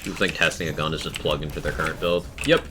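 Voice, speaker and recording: A man's voice: a bass voice, fairly even intonation, fast talker. A man streaming a video game live, chatting casually and explaining game mechanics to his viewers. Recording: noisy live-stream audio.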